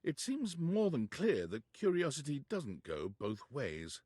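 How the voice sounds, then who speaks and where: A man's voice: medium pitch, big pitch swings, a little slow, darkish tone, breathy edge, dry recording, studio quality. A man narrating a video game in a scripted, descriptive way.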